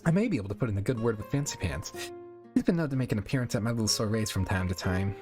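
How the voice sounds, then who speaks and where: Gracious mare hostess a man voices, coy, genteel, lively pitch, pony adventure story. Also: rapid-fire, music in the background, natural voice.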